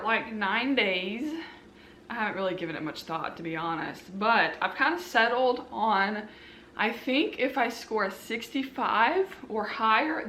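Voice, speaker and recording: A woman's voice: fairly high pitch, fairly bright tone. A woman in her twenties vlogging casually, chatty and rambling, with light self-mocking laughs. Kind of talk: casual vlog chat to camera. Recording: echoey room with faint background hum.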